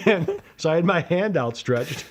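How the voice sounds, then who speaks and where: A man's voice: sits high, slow pace. A man in his forties co-hosting a podcast, telling a story casually, swearing freely and cutting himself off mid-sentence. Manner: profane, animated storyteller with self-interruptions. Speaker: podcast co-host. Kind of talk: casual storytelling among friends.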